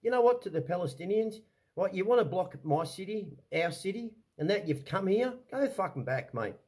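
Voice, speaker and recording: A man's voice: high-pitched, animated, normal speed, darkish tone, breathy edge. An Australian man delivering an angry, heated vlog rant to camera, swearing often and repeating himself as he restarts his sentences. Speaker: vlogger. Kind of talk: angry ranting monologue.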